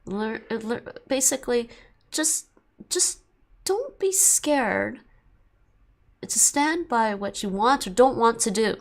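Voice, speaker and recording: A woman's voice: fairly high pitch, measured pace. A woman streamer in casual end-of-stream chat, rambling, repeating herself and laughing often.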